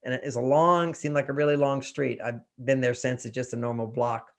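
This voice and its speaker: An older man telling personal stories and giving relationship advice in a live interview, animated and often laughing. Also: mid-range voice, brisk. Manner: animated storyteller, acts out quotes, laughs often. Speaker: relationship author and guest.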